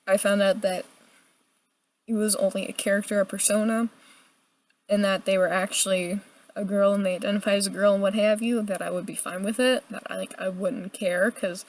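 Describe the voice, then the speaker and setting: A young adult woman giving a casual, chatty video review, animated and full of filler words. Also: medium pitch, moderate pace. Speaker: book reviewer.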